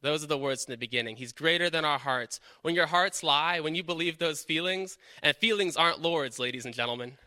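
An earnest male preacher whose voice is very bright and sits a little high. He talks through his points with questions and frequent "right?" check-ins, recorded close and dry with no room sound. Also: a little fast, hardly any pauses, no echo. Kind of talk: sermon.

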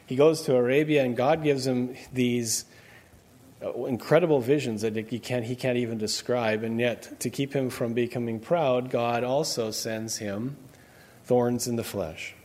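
A man's voice: medium pitch, fairly even intonation, unhurried, darkish tone. A man preaching a sermon in a conversational way, quizzing his congregation with questions as he goes. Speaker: pastor.

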